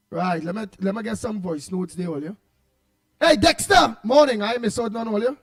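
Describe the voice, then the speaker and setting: A Trinidadian man hosting a morning radio show, rambling playfully with bursts of loud greetings. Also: sits high, lively intonation, moderate pace, no echo, clean studio sound. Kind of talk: casual call-in radio chat.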